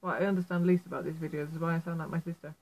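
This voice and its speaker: A woman's voice: deep voice, fairly even intonation, rapid-fire, darkish tone, rough recording. A woman with a Yorkshire accent giving a casual how-to tutorial on needle felting, chatty and self-deprecating, making apologetic asides as she works indoors at home. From Yorkshire, England. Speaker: felt artist teaching a tutorial.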